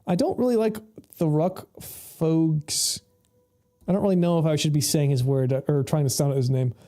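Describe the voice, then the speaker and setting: Faint music sits behind a game streamer as he gives loose, rambling commentary on his gameplay, swearing freely and laughing a lot. His voice is fairly high-pitched with a dark tone, at a normal speed.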